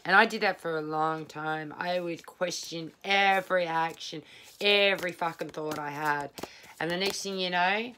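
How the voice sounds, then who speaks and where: Low-pitched, bright-toned woman reading tarot at home; blunt, rambling, swears freely. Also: fairly even intonation, normal speed, a little hiss or hum. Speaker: tarot reader. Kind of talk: casual spoken tarot reading. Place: home, at a small table.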